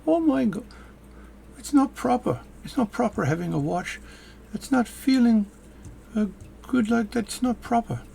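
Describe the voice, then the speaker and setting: A man putting on a fussy, prim British watch enthusiast, with a mock British accent and a high, fluting, prissy voice. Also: expressive, a little slow, vocal fry, pauses often, dark tone, slight background noise, heavily acted. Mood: scandalized.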